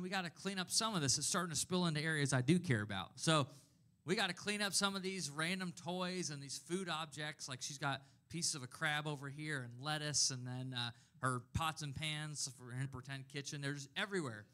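A male pastor in his thirties delivers a sermon in a relaxed, conversational way, telling personal stories with animation. His voice is bright and a little high. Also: a little fast.

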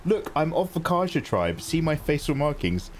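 A man chatting through live gameplay, excitable and jokey, thanking viewers as he plays. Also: fairly high pitch, moderate pace, a little hiss or hum. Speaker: gaming streamer.

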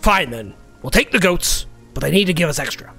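A man's voice: on the high side, expressive, a little fast, creaky, pushed and bright, breathy edge, full character voice. Guy doing a big greedy troll guard, bossy and blunt, bouncy voice, light music under it. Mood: haggling. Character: gruff hulking male troll guard, greedy.

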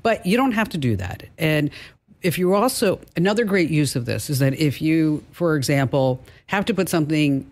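A woman's voice: deep voice, animated, normal speed, a little mellow. A woman hosting a radio show, chatty and laughing easily. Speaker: host. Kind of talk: casual radio show chat.

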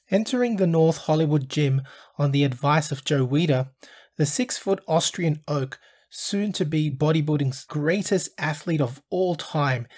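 A man hosting his own channel, reading a scripted documentary narration in a measured storytelling delivery. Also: a little high, a little mellow, husky.

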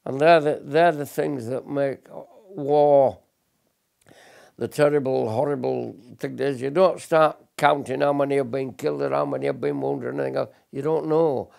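A man's voice: mid-range voice, fairly even intonation, normal speed, gravelly, darkish tone. An older man, a military veteran, recalling combat in a blunt, earnest documentary interview, often restarting his sentences. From Britain.

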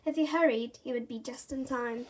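Storybook reader: woman, high-pitched, animated and expressive. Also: normal speed, a little hiss or hum. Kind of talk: children's story read-aloud.

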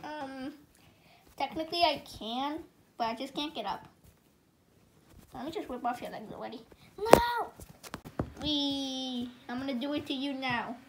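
A woman's voice: high voice, normal speed, pauses often, background noise. A woman voicing every character in a homemade cartoon, with frantic yelps and cries of pain. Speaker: fan animator voicing all characters.

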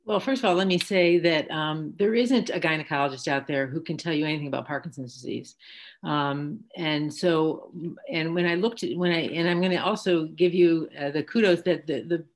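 An American woman physician speaking as a panel guest, measured and explanatory, with pauses and fillers. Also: sits low. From United States. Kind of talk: panel discussion.

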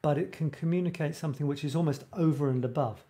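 Speaking fast in a fairly high, mellow voice, a man hosts a live writing show. The casual live-stream chat meanders, with frequent broken-off sentences and bursts of laughter at himself.

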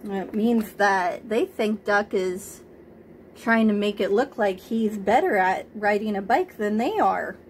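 A woman reading a picture book aloud to young children, gently stopping to ask them questions. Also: mid-range voice, slow, slight background noise.

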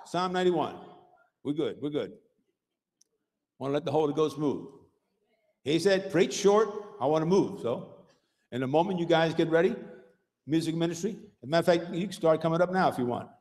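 A man's voice: a little high, expressive, a little fast. A man preaching a sermon as pastor, emphatic and rhythmic, throwing out call-outs like "Hello?" and "Huh?" to the congregation. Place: church sanctuary. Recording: long reverb of a church hall.

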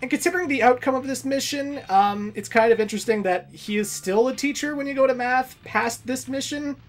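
A woman's voice: sits high, brisk, soft background music. A woman casually commentating a video game playthrough, chatty and giggly, saying "like" a lot. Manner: chatty, giggly, says "like" often. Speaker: let's play host.

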